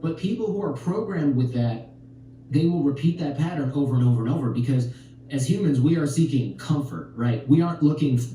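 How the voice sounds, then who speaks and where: A man with a very dark, mellow voice talks through relationship stories and acts out the lines of the people in them. He sounds set back from the mic in a very echoey space. A faint ambience sits behind him. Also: on the high side, brisk, distant mic, a little hiss or hum. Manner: animated storytelling, acts out quotes. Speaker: podcast guest. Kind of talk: podcast conversation.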